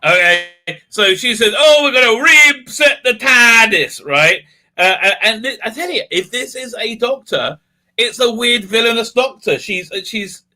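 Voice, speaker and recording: Sarcastic, bright-voiced male reviewer. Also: high voice. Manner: sarcastic, animated, laughing rant. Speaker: video reviewer. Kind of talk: casual episode recap and review.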